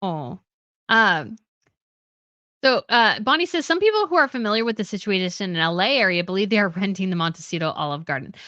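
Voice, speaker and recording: A woman's voice: mid-range voice, lively intonation, a little fast, pushed and bright, no echo, lo-fi sound. A woman hosting a livestream, chatting casually as she reads out viewer comments, sounding a bit tired, with fillers and little laughs. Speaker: host.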